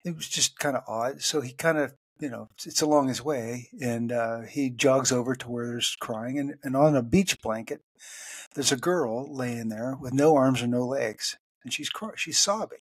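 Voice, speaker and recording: A man co-hosting a podcast with a slightly husky, mid-pitched voice, recorded dry and close. He tells a joke in an unhurried, chatty way and lifts his voice for the characters' lines. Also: no room sound. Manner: tells jokes at an easy pace, pitching up for quoted lines. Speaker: podcast co-host. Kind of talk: casual joke-telling chat.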